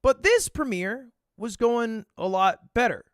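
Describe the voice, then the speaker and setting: A man voicing a polite, gracious young actress in a story, with a gentle, reassuring manner. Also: very high voice, expressive, unhurried, smooth, dry recording, studio quality.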